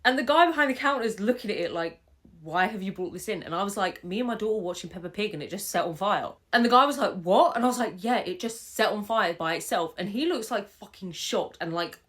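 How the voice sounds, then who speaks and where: A woman's voice: mid-range voice, expressive, fast, a bit bright. Young woman, chatty storytime, swears and laughs a lot, voice jumps around. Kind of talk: casual storytime vlog. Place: home room with fairy lights.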